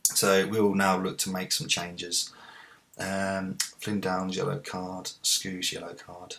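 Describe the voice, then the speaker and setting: Mężczyzna o bardzo niskim głosie komentuje grę. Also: male voice, deep voice, a little slow. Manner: excitable, cheers at goals. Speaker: let's play host. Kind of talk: game commentary.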